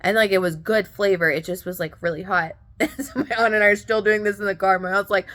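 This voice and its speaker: A woman's voice: fairly low pitch, fast talker, fairly bright tone. A young woman telling a story in a casual, gushing way, laughing often as she talks. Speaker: podcast host.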